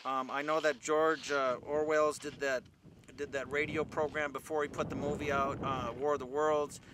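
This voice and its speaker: A man's voice: fairly high pitch, level tone, moderate pace. A man being interviewed outdoors, talking hesitantly with lots of fillers and restarts. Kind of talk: outdoor interview, casual recollection. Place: outdoors in desert wind. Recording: loud wind noise on mic.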